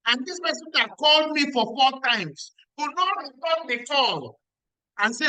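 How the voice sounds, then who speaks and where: A middle-aged man with a Nigerian accent gives a motivational talk at a weekly meeting. His voice sits high and sounds bright and forceful as he repeats himself and throws questions at the audience. The sound is dry and close. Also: lively intonation, measured pace, no room sound, rough recording. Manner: emphatic, repeats lines, asks the audience questions. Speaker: business mentor.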